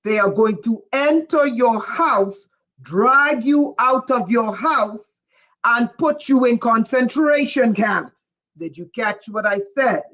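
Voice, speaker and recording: A livestream host reading viewer chat, who gets excited and raises their voice, often breaking off with "whoa" and asking listeners whether they follow. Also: medium pitch, slow. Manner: breaks off with repeated "whoa" and "wait". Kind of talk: casual livestream talk to viewers.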